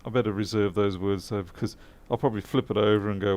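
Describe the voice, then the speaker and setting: A man's voice: lowish voice, fairly even intonation, quick pace, darkish tone. A man talking casually to camera while repairing a laptop in his workshop, chatty and self-mocking, muttering as he works. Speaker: electronics repair technician. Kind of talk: casual workbench commentary.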